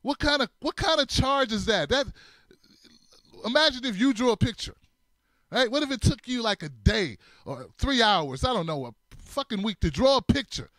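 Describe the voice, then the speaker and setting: A man's voice: very high voice, lively intonation, moderate pace, a bit bright, no echo, studio quality. A man hosting a comedic commentary show, laughing a lot, swearing casually and acting out scenes in different voices. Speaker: show host.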